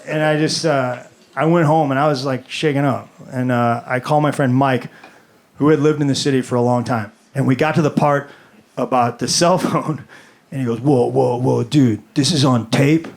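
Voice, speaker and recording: A man's voice: medium pitch, steady tone, moderate pace. A man in his forties telling a rambling, self-deprecating stand-up story with stammering restarts. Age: 40s. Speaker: stand-up comedian. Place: comedy club stage. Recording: roomy club sound with audience noise.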